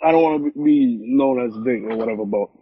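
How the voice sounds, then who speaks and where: A man's voice: mid-range voice, wildly swooping pitch, quick pace, creaky, breathy edge, dry recording, phone-quality sound. A young man co-hosting a podcast over a phone live stream, talking in a brash, profane, emphatic way. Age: young adult. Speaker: podcast co-host. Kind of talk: casual chat. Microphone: phone on an Instagram live stream.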